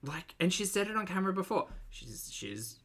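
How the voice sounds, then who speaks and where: A man's voice: high-pitched, big pitch swings, moderate pace, gravelly, a bit bright. A man giving blunt, casual live-stream commentary, full of fillers and swearing, reading out viewer chat as he goes.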